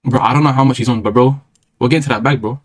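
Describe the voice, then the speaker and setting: A man's voice: mid-range voice, fairly even intonation, fast talker. A young British man with a British accent chatting casually on a live stream, slangy, rambling and opinionated.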